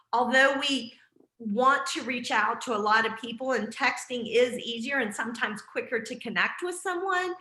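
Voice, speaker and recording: A woman's voice: on the high side, pushed and bright, reverberant, poor audio. A woman leading a team video call, speaking in an encouraging, casual way with frequent fillers. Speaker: team leader hosting a group call. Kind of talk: casual group call talk.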